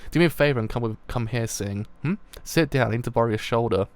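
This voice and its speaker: A man's voice: medium pitch, fast, lightly acted. A man voicing a tough, defiant young male gang leader while reading a comic aloud, giving cool, clipped orders.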